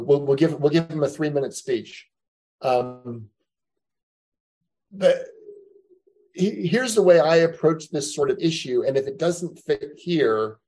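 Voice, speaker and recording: A man's voice: mid-range voice, a little mellow, rough recording. A man teaching a Bible class, lecturing conversationally and thinking aloud with frequent asides to his students.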